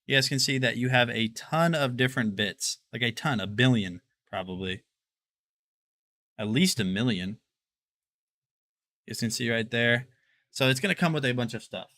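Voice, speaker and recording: A young man hosting a live product showcase stream, chatting casually and excitably straight to his viewers. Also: mid-range voice, normal speed, long pauses. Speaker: livestream product showcase host.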